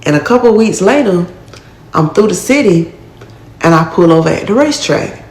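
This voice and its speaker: A woman tells her own life story in a slightly low voice, blunt and full of profanity, acting out what people said along the way. The room around her is echoey. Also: lively intonation, moderate pace. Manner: blunt, profane street talk with acted-out quotes. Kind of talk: casual first-person storytelling.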